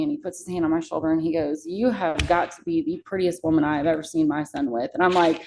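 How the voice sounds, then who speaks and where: A woman's voice: low voice, fairly even intonation, quick pace, a little mellow, slight background noise, poor audio. A young woman, a podcast guest, telling a personal story in a candid, casual way and swearing freely.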